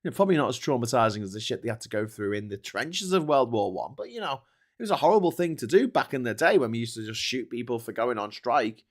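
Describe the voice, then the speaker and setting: A man's voice: medium pitch, animated, fast. A man hosts a casual commentary stream, reacting to viewer comments. He talks in an indignant, rambling rant, peppered with swearing. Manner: indignant ranting with constant swearing. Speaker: host.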